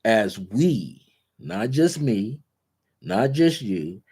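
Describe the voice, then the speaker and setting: A man hosting a guided spiritual talk, speaking in repetitive, incantatory affirmations and slowing down on key words. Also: mid-range voice, sing-song, warm tone, breathy edge. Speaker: spiritual teacher and show host.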